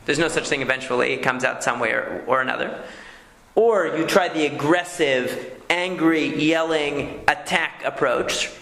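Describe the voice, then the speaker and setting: Guy rabbi lecturing, slightly high gravelly voice, keeps asking okay?, echoey room. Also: moderate pace, bright, forceful tone. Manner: conversational teaching, frequent "okay?" checks. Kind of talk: lecture on marriage communication.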